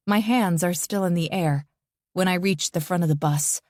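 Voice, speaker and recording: A woman narrating a first-person psychological thriller audiobook in a tense, measured way. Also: on the low side, darkish tone, dry recording, clean studio sound.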